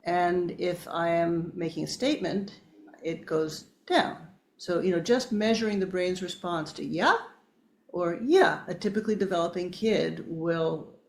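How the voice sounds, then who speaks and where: Woman, interview guest, emphatic explainer, gravelly fry. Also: on the low side. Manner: emphatic, explanatory, addresses listeners directly. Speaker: guest neuroscientist.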